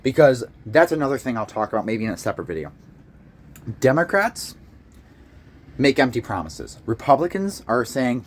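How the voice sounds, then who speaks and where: A young American man, a political commentator, delivers a heated, profane, rambling rant to camera, restarting his sentences often. His mid-range voice has a sing-song quality and runs a little fast.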